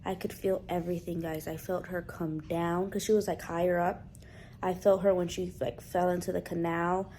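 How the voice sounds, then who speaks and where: A woman's voice: on the low side, normal speed, slight background noise. A young woman vlogging at home, telling a personal story in casual chat and acting out what others said. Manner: animated, quotes others in playful voices.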